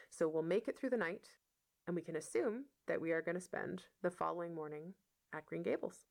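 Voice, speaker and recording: A woman reading a novel aloud as a teacher, pausing for patient explanations of words. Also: lowish voice, lively intonation, creaky. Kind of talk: read-aloud lesson explaining vocabulary.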